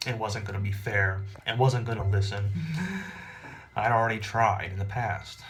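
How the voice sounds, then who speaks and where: A man telling a personal story in a rambling, animated, profane, casual way. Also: fairly low pitch, normal speed, slight background noise.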